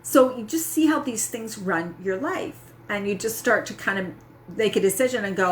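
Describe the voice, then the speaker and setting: A middle-aged woman health coach talks casually to camera in a medium-pitched voice at a moderate pace, with slight background noise. She's candid and self-mocking, frequently tagging her points with "right?".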